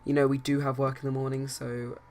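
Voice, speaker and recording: A man voicing a roommate in a life-sim game who is woken up and calmly asks two friends to keep it down. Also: mid-range voice, a little fast, slight background noise, lightly acted. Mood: mildly annoyed. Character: sleepy roommate asking for quiet.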